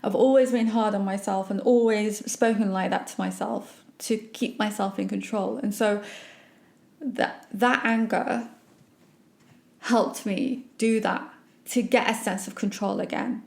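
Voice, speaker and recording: A woman hosting a podcast and telling a personal story in an emphatic, animated way. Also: mid-range voice, measured pace, vocal fry. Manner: emphatic, animated, acts out quoted remarks. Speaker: podcast host.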